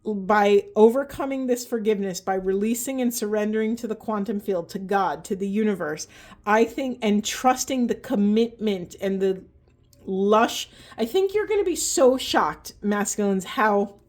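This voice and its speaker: A woman talks through an oracle card reading in a warm, mellow voice. She is earnest and impassioned, urging her listeners on. Her pitch sits in the middle for a woman. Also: moderate pace. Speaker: spiritual tarot reader.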